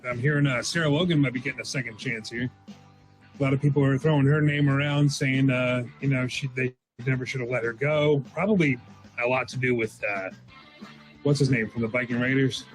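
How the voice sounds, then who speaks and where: A man co-hosting a podcast in relaxed comedy chat. He laughs easily and throws in quick agreeing asides, with music playing faintly under the talk. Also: medium pitch, low-quality recording. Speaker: podcast co-host.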